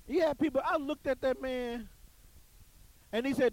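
A man's voice: extremely high pitch, fairly even intonation, normal speed, long pauses, low-quality recording. A man telling a story to an audience in an emphatic, preachy way, often repeating his phrases. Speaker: commentator on church life.

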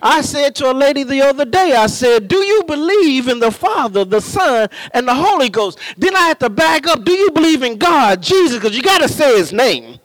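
A man preaching a sermon, building from slow, measured teaching to impassioned shouted emphasis. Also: very high-pitched, sing-song, dry recording, poor audio.

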